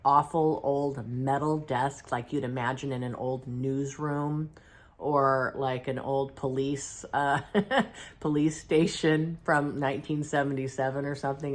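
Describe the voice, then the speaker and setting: A middle-aged woman with an unusually deep, low-pitched voice tells of a spiritual channeling session. She sounds a little unwell and clears her throat now and then. Her delivery is halting and reflective, with many pauses and restarts. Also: steady tone. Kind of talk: casual first-person account.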